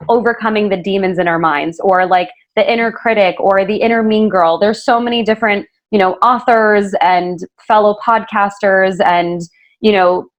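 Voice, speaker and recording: A woman hosting a podcast interview, talking in an earnest, casual way with many fillers and self-corrections. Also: medium pitch. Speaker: podcast host interviewing a guest.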